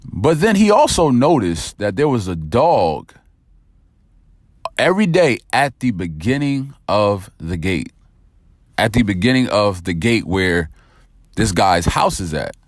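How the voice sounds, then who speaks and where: A male motivational podcast host speaks in an energetic, direct way. His pitch swings widely as he pushes his point and tells a story. The recording is dry and close, with no room sound. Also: a little slow, no echo. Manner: energetic, direct, calls listeners "family".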